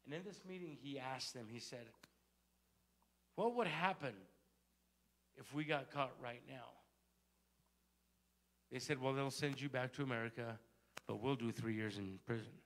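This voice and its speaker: A man's voice: medium pitch, moderate pace, long pauses. A male pastor telling a story in a sermon and building to fervent exhortation. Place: church sanctuary.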